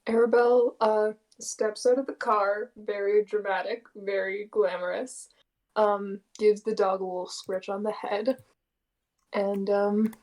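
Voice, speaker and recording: A woman's voice: medium pitch, level tone, measured pace, a little mellow, rough recording. A woman player in a tabletop role-play game, describing what her character does. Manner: describes her character's actions in third person.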